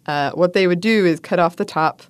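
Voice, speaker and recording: A woman with a lowish voice co-hosts a relaxed conversation. She reads history notes aloud and breaks off for playful asides and laughs. The sound is dry and close to the mic. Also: brisk, clean tone, no room sound. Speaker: podcast co-host. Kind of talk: casual chat, reading food history notes.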